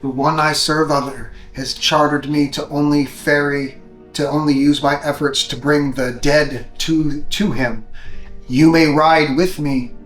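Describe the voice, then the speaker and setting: A man voicing a solemn skeletal ferryman of the dead in a ghostly voice, speaking slowly and formally in a tabletop game. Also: flat delivery, a bit bright, echoey room, soft background music, low-quality recording. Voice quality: deep ghostly voice from below the earth. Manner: slow, formal, measured.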